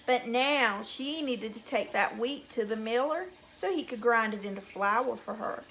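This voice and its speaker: A teacher reading a folk tale aloud to young children, animated and drawn out. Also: female voice, fairly high pitch, a little slow.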